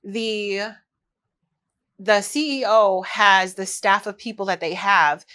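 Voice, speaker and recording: A woman's voice: medium pitch, slow pace, pushed and bright. Woman, 30s, heartfelt solo podcast talk, confessional, direct to listeners. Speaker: podcast host. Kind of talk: candid solo podcast monologue.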